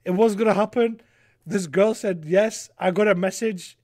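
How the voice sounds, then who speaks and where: A young man, a podcast guest, telling a rambling, animated story in casual chat, swearing freely. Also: sits high, normal speed, dry recording, clean studio sound.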